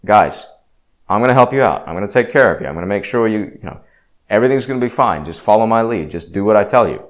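A man's voice: lowish voice, animated, fast, close to an everyday voice. A man voicing God as a patient, reassuring male deity in a casual retelling. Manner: coaxing, reassuring.

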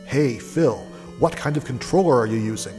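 A man's voice: mid-range voice, moderate pace, mellow, in a large hall, faint music behind, natural voice. A man reading as gushing camp counselors. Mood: excited.

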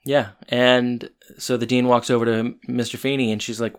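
A man's voice: medium pitch, level tone, moderate pace, hardly any pauses, clear, resonant tone. Rambling man recapping an episode. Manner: loose, rambling retelling with fillers. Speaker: podcast co-host. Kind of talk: casual chat, recapping a TV episode.

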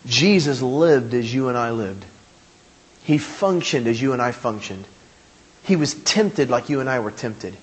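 A man's voice: medium pitch, animated, unhurried, breathy edge. A man preaching a sermon as pastor, speaking emphatically with repeated phrases and questions to his congregation.

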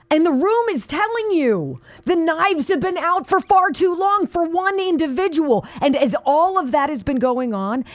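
A woman's voice: sits high, no room sound. A woman hosting a political talk radio show, punchy and emphatic, with casual slang.

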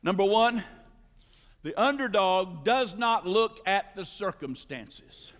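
A male pastor preaching a sermon, building to shouted climaxes and calling for responses from the congregation. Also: sits high, lively intonation, slow pace, in a large hall.

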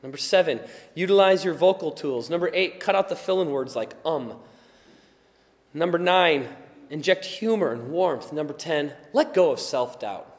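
A male preacher giving a conversational sermon, sometimes quiet and chatty, sometimes loud and emphatic, and he laughs often. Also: on the high side, moderate pace, in a large hall. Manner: animated, swings from quiet asides to loud emphatic shouts.

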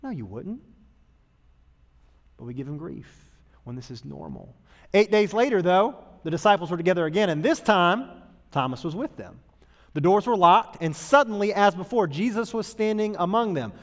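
A man's voice: high-pitched, expressive, normal speed. A man delivering a sermon as a pastor, conversational and humorous, acting out the people he quotes. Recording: long hall reverb.

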